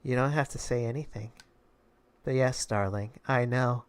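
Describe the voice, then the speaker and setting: A man's voice: mid-range voice, normal speed, lightly acted. A man voicing a seductive, domineering middle-aged mother in a game, purring and teasing. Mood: sultry teasing. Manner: purring, teasing, then scolding. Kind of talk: reading game dialogue aloud.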